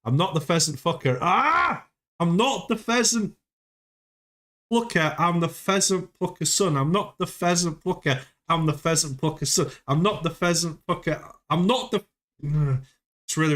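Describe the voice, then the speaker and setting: A man hosting a casual livestream, playful and quick to exclaim and laugh. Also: on the high side, expressive, a bit bright. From United Kingdom. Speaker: livestream host.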